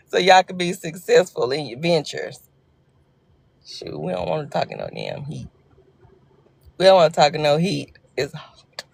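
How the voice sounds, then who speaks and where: Low and gravelly, this Southern-accented voice belongs to a woman from Arkansas, USA. As a livestream host on her phone, she keeps things casual, chatting and trading jokes with her viewers.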